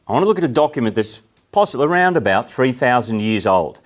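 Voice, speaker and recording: Middle-aged Australian man, relaxed speaker addressing a crowd, lots of questions to the room. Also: medium pitch, fast talker. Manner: conversational, asks the audience questions. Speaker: speaker giving a talk. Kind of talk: talk to a live audience.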